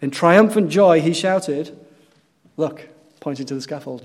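A male pastor preaching a sermon, telling stories earnestly and swinging between loud emphatic peaks and quiet low passages. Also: steady tone, moderate pace. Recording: long hall reverb.

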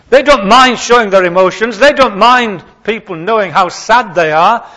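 A man's voice: sits high, moderate pace. A man telling a Bible story during a Sunday church service, questioning the listeners as he goes. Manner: animated storyteller who acts out voices and questions the listeners. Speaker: preacher. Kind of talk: children's talk in a church service.

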